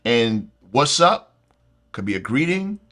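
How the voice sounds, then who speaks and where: A man with a New York accent, talking in a casual chat, emphatic and animated, often restarting and acting out quotes. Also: mid-range voice, takes it slowly. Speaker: co-host.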